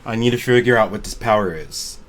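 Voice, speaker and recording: A man's voice: fairly low pitch, brisk, lightly acted. A man voicing a troubled young man in a tabletop game, speaking hesitantly with stammers. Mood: uneasy. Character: troubled young man seeking answers about a power.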